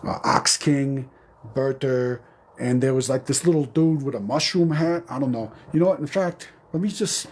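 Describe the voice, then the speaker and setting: Deadpan guy rambling on a phone livestream in a garage, mid pitch, offhand and meandering. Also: normal speed. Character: undead zombie entertainer persona, man. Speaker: live streamer. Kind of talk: rambling comedic live stream.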